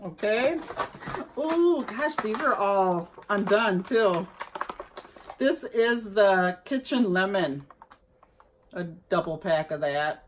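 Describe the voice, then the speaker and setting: A woman's voice: medium pitch, animated, slow pace, pauses often, a little hiss or hum. A woman vlogger chatting casually to viewers as she unboxes gifts, exclaiming over each item.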